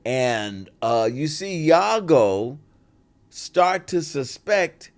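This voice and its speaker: A man, an actor guest in an interview, telling relaxed anecdotes and acting out the voices of the people in them. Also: on the high side, extremely slow. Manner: animated, acts out quoted voices in stories; relaxed and conversational, with "you know" fillers.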